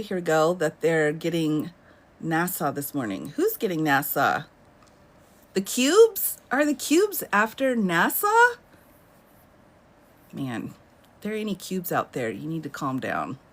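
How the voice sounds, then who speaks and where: A woman's voice: fairly low pitch, a bit bright. A woman in her thirties hosting a casual live stream from home, chatting and laughing often as she answers viewer comments. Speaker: livestream host.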